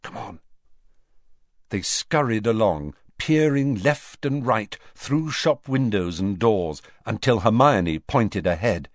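A man reading an audiobook aloud in an expressive, varied way. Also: lowish voice, slow, few pauses, dry recording, studio quality. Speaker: audiobook reader. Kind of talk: audiobook narration.

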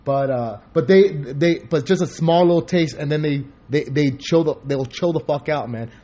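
This is a man hosting a casual podcast chat, talking in a rambling, profane way. His voice sits a little higher than most men's. He gets animated as he tells his stories. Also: moderate pace. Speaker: podcast host.

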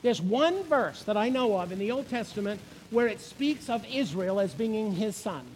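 High-voiced male preacher, emphatic. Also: lively intonation, moderate pace, darkish tone, slight background noise, rough recording. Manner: emphatic, repeats key phrases, asks the listeners questions. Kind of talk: sermon.

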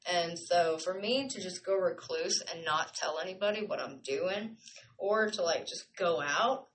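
A woman of around thirty, hosting a podcast and telling stories in a chatty, animated way with playful asides. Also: on the low side, a little slow, a little hiss or hum. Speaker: podcast host. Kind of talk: casual storytelling monologue.

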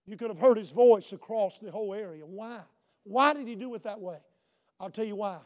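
A man preaching a sermon as pastor. He swings between loud shouted passages and low, quiet asides, and keeps saying "Amen" to the congregation. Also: brisk. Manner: punctuates with "Amen" and calls to the congregation.

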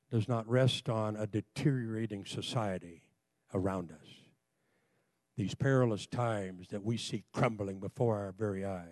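A man's voice: medium pitch, darkish tone, dry recording. Preacher guy getting fired up, has the church repeat after him, close dry mic. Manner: fervent, leads the congregation in call and response. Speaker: pastor. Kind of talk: sermon with altar call. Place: church sanctuary, also streamed online.

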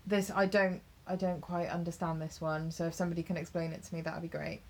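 A woman's voice: fairly low pitch, level tone, fast, a little mellow. Chatty, laughing female podcast co-host. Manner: chatty, laughs easily, reads from a list. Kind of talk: casual podcast chat.

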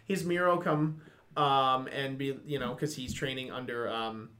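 A man's voice: medium pitch, steady tone, unhurried, a bit bright. A young man co-hosting an anime discussion, chatting casually and ranting with lots of swearing. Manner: ranting, profane, mimics characters. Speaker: anime podcast co-host. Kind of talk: casual chat.

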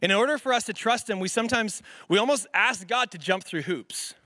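Bright, high-voiced young preacher telling a story. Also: male voice, brisk, no echo. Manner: animated storytelling, many "like" fillers. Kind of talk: sermon with a personal story.

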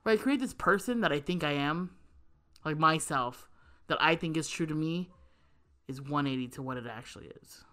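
Low-voiced woman podcast co-host. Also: moderate pace, fairly bright tone. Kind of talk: casual chat.

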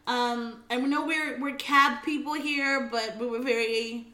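A woman co-hosting a casual podcast tells stories with enthusiasm during a drinking chat. Her high, bright voice keeps a steady tone and a slightly slow pace, and she sounds forceful. The recording has reverb.

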